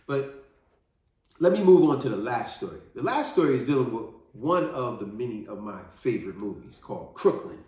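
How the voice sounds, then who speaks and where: A man telling a personal story in an earnest, animated monologue, often restarting his sentences. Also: medium pitch, normal speed. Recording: very echoey room.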